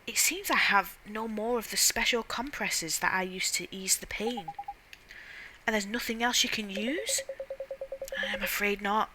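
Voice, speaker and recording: A woman's voice: mid-range voice, unhurried, noisy background, close to an everyday voice. Woman doing a frail old man, half-whispered. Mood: weary. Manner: weary, groaning, half-whispered. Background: game music.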